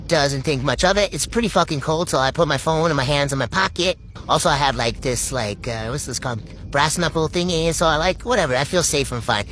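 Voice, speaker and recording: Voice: mid-range voice, a little fast, a bit bright, a little hiss or hum. A young adult from Puerto Rico telling a story to camera in a rambling, swearing, filler-heavy way. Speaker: TikTok storyteller. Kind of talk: casual storytime monologue.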